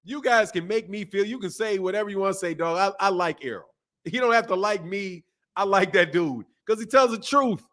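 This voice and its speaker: A man in his fifties chats on a live boxing stream, thanking viewers and riffing in loose slang. His voice sits a little high for a man, and he laughs often as he talks. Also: brisk, a bit bright. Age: 50s. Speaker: boxing channel host. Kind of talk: casual live-stream chat.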